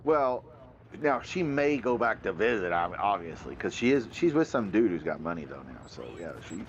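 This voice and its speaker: A man's voice: on the low side, sing-song, normal speed, lo-fi sound, slight background noise. A man chatting casually while gaming, rambling through stories and quoting friends. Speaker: streamer.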